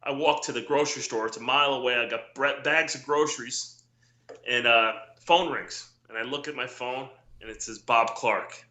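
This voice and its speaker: Bright, animated man telling stories. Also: medium pitch, normal speed, echoey room. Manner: rambling anecdotes with quoted dialogue, many restarts. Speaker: former wrestler, guest. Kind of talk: casual storytelling interview.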